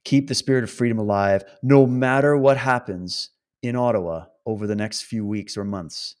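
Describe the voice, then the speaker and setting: A man's voice: lowish voice, normal speed, a little mellow. A man delivering an impassioned monologue to viewers, laughing often and switching between mocking and solemn tones. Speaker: protest supporter addressing viewers.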